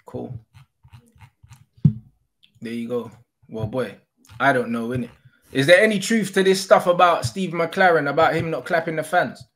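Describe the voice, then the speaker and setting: A man's voice: a little high, normal speed, pauses often, fairly bright tone. Blunt, swearing man in a heated debate. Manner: blunt, teasing, swears casually. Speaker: host.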